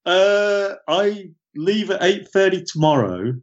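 A man co-hosting a football podcast in casual chat, halting and full of fillers. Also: high-pitched, animated. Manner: hesitant, many fillers, laughs easily. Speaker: podcast co-host. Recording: dull lo-fi podcast audio.

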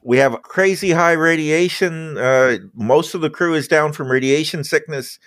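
A man's voice: fairly high pitch, normal speed, a bit bright, no room sound, clean studio sound, voice pushed up, lightly acted. A man playing a desperate male cargo ship captain who pleads urgently for help.

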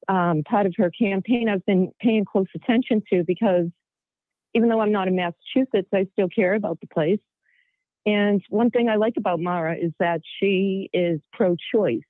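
A woman's voice: medium pitch, no echo. Woman, Boston accent, radio caller, earnest, tinny dry phone line. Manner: earnest, explanatory. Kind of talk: phone call-in.

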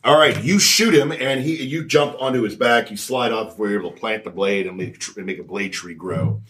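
A man narrating as game master of a tabletop game, animated, breaking into shouts and laughter. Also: fairly low pitch, a little fast.

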